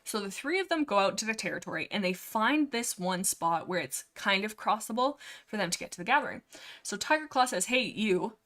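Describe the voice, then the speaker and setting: A young woman with a Canadian accent, hosting a casual book discussion livestream and rambling excitedly with lots of fillers and restarts. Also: mid-range voice, a little fast. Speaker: livestream host.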